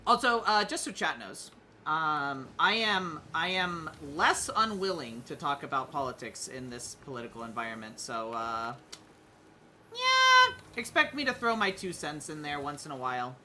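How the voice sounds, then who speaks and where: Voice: medium pitch, big pitch swings, moderate pace, sharp tone, slight background noise. A streamer chatting casually while playing a game, hesitant with many fillers and restarts, sometimes humming tunes. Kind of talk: casual gaming stream chat.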